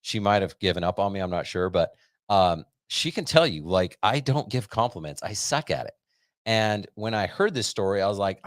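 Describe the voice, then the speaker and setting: Upbeat rambling American man, low and dry. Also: sing-song, a little fast, dry recording. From United States. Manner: rambling and upbeat, heavy on fillers. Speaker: podcast host. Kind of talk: casual monologue to a live audience.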